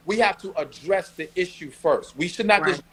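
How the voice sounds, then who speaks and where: New York man, high voice; co-host giving blunt, emphatic relationship advice. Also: normal speed, sharp tone, slightly rough, low-quality recording. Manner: blunt, emphatic, street slang. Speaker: podcast co-host. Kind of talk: casual advice chat.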